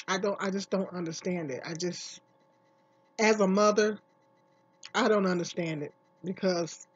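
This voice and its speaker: Husky-voiced woman, dull lo-fi recording. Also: mid-range voice. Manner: emphatic, repeats herself, asks many questions. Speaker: vlogger giving commentary. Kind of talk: casual spoken commentary.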